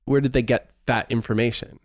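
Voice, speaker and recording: A podcast host in casual chat, talking in a halting way with frequent restarts. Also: mid-range voice, steady tone, no room sound, clean studio sound.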